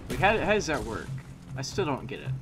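A man's voice: medium pitch, very animated, a little fast, over music. A young man giving live gameplay commentary, playful and goofy, chatting to himself and teasing his opponents. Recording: noisy game audio behind. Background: game gunfire and explosions.

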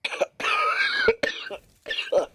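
A male streamer giving live gameplay commentary in a put-on gruff newsman voice, profane and playful. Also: very high voice, flat delivery, drawn-out words, pushed and bright, no echo.

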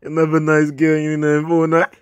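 A man reacting casually to pictures, repeating words, squealing high greetings and shouting refusals. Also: monotone, normal speed, no room sound, lo-fi sound. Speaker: YouTube reaction host.

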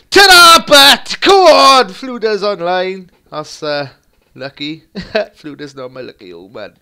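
A young man commentating his own football video game match, excitable and crude, muttering one moment and shouting the next. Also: medium pitch, gravelly. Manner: crude banter. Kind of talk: live gameplay commentary.

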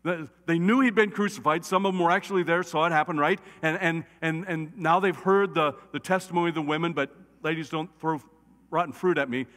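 A man's voice: a little high, a little fast. Chatty pastor guy preaching, keeps going "right?", big echoey church. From United States. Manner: animated, repeatedly asks "right?". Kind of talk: conversational sermon. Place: church sanctuary. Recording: long church reverb.

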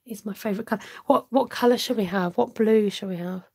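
A woman's voice: medium pitch, quick pace, mellow, slightly rough. A woman hosting a live cardmaking stream. She chats with viewers as she works and makes self-mocking asides. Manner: chatty, reads out viewer comments and answers them; talks aloud while working, with self-mocking asides. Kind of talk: casual live craft demonstration.

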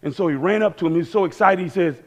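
Animated high-voiced male preacher. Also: very fast. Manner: animated, acts out quoted voices, repeats phrases. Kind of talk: sermon. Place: church.

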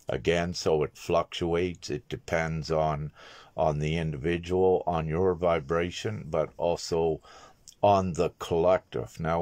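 Male spiritual teacher, deep low voice, dry close sound, measured and halting. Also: darkish tone, dry recording. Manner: measured, halting delivery with frequent filler pauses. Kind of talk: monologue video message.

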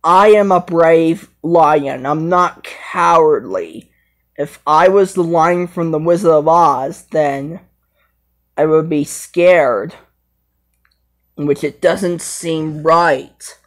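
A woman doing a young male lion, low-voiced, very slow, rambling, halting, amateur fan role-play. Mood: earnest.

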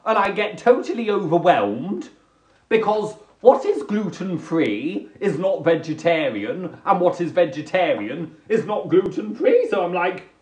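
A man's voice: sing-song, a little slow. Camp guy livestreaming comedy from his sofa, voice leaps all over, echoey room. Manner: camp, theatrical, swoops into high squeals for quoted voices. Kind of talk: chatty live comedy monologue. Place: home, on a sofa.

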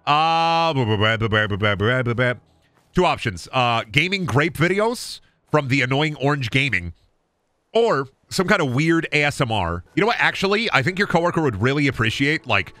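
Rambly sweary gamer guy in his 30s, bright lively voice, dry close mic. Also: mid-range voice, no room sound. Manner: rambling, profane, jokey. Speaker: streamer. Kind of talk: casual gaming commentary.

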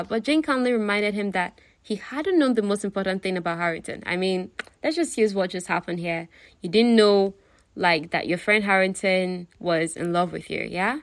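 A woman's voice: mid-range voice, normal speed, fairly bright tone, dry recording. Chatty woman retelling a novel. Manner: chatty, filler-heavy, addresses listeners. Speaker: book retelling narrator. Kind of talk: casual story retelling.

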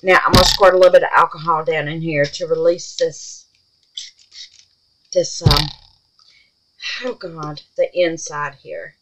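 Gushing woman crafter, slow drawl. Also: low-pitched, background noise. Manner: gushing and excitable, swings from squeals to hushed murmurs; calls viewers babies and y'all. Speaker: resin crafter, channel host. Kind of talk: crafting vlog chat.

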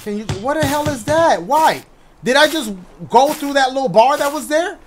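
A man giving loud, excitable commentary as he plays a horror video game, shouting reactions and cracking jokes. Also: very high-pitched, normal speed. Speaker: gaming YouTuber. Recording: music playing behind the voice.

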